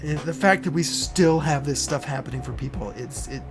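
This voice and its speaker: Earnest, halting male streamer. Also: on the high side, music in the background. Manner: halting, restarts often, emotional and earnest. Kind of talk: casual live-stream chat.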